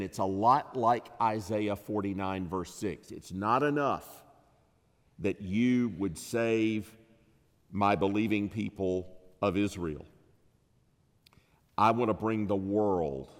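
A man delivers an expository sermon in an unhurried, deliberate way. His voice sits on the low side and lifts with emphasis on key phrases. The sound carries a long reverb, as in a large church sanctuary. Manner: measured, emphatic preaching that rises on key phrases. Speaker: preacher.

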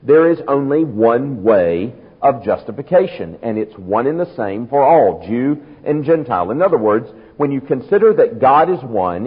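A man preaching with emphatic conviction, his pitch rising and falling in lively arcs. His voice is slightly husky. The recording is thin and phone-like, with a long hall reverb trailing behind him. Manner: emphatic, reasoning aloud, rhetorical questions. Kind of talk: expository sermon.

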